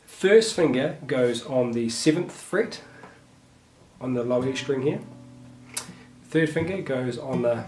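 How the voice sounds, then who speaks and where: A man giving a relaxed guitar lesson, talking through finger positions with a few fillers. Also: mid-range voice, takes it slowly, long pauses. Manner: relaxed, thinks aloud with fillers. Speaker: guitar teacher. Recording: roomy with guitar playing. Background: guitar playing.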